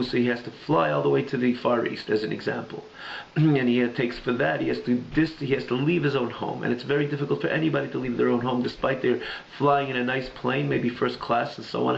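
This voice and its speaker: A man with a heavily gravelly voice gives a Torah class, telling a parable in halting, repeating phrases. The room echoes around him and the recording sounds dull and lo-fi, with faint noise underneath. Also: mid-range voice, fairly even intonation. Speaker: Jewish teacher.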